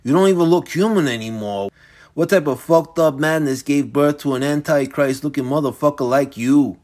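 A man's voice: fairly high pitch, moderate pace, darkish tone, natural voice. A man voicing a tough young city brawler who talks bluntly and profanely while badly shaken. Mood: defiant.

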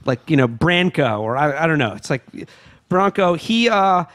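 A man co-hosting a podcast in casual chat, halting and restarting his sentences often. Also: on the high side, very animated, a bit bright. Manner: halting, with frequent restarts and stammered repeats. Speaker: podcast co-host.

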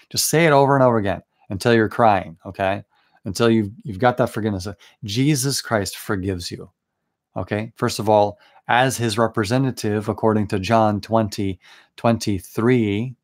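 A young man leading a late-night Bible study, preaching in an earnest, conversational way with frequent restarts and asides. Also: fairly low pitch. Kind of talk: informal sermon.

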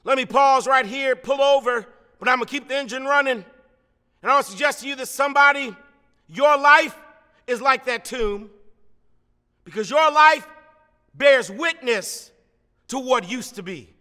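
A man, a pastor, preaching a sermon in rhythmic refrains that swell into shouts and fall back to slow, hushed lines. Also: very high voice, in a large hall. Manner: drops to slow, hushed phrases between climaxes. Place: church sanctuary.

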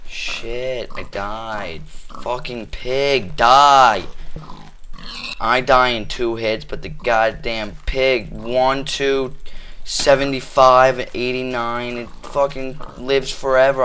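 A man playing a video game on his own channel, swearing constantly and trash-talking the animals in it, switching between shouting and muttering. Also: medium pitch, slow, slight background noise. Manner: flips between angry yelling and muttering. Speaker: gamer. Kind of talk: cursing let's play commentary.

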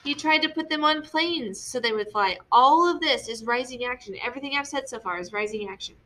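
Bright-voiced woman teacher, patient and clear. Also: high-pitched, fairly quick. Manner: patient, explains step by step with frequent "okay?" checks. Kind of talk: classroom lesson on story structure.

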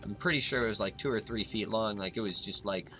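Gaming host, male, low-pitched, loose and rambling with excited bursts, music bed audible. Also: fast. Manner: rambling, filler-heavy chatter with sudden excited outbursts. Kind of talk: casual let's-play commentary.

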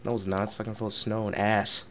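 A man's voice: on the low side, flat delivery, fast, crowd noise. A man co-hosting a gaming video, laughing a lot and swearing as he mocks his own skills in casual banter over a headset. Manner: laughing often, profane, self-mocking. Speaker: gaming channel co-host.

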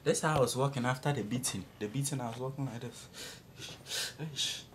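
A young man telling a comic story in a monologue. He talks in an animated way and breaks into sudden high shrieks and laughs. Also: moderate pace, slight background noise. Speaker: comedic storyteller.

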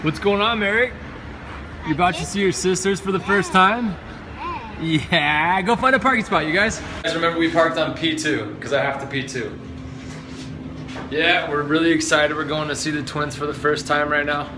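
A man's voice: on the high side, moderate pace. A man vlogging casually on a handheld camera in a hospital, chatty and playful. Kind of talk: casual vlog chat. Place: hospital room and corridors. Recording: noisy handheld camera audio.

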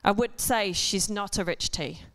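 A woman with a medium-pitched, fairly bright voice speaks a little slowly. She's delivering a conversational sermon to a church congregation, sprinkling in humorous asides and jokes at her own expense.

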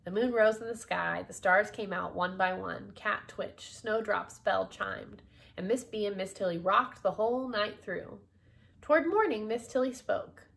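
A woman reading a children's book aloud in a gentle, expressive way. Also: medium pitch, unhurried, gravelly. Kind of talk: storybook read-aloud.

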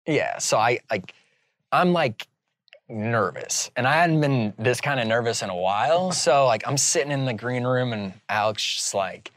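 A man's voice: medium pitch, normal speed, no room sound, studio quality. A man from Indiana, a filmmaker guest in an interview, telling a story casually and animatedly with lots of "like". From Indiana, USA. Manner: animated storyteller, heavy use of "like".

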